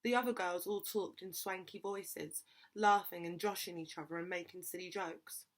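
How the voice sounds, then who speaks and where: A woman reading a children's novel aloud with steady, expressive narration. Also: fairly low pitch, moderate pace. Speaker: reader.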